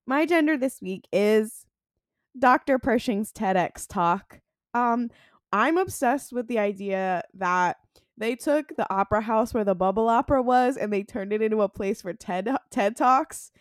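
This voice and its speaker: A woman's voice: on the high side, measured pace, no room sound, studio quality. A woman co-hosting a casual podcast, rambling and hesitant, trailing off with fillers. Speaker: podcast co-host.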